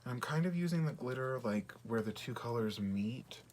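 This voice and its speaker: Soft-spoken chatty man doing makeup. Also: medium pitch, lively intonation, moderate pace. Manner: chatty, often drops to a soft half-whisper while working. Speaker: beauty vlogger. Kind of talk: casual makeup tutorial chat.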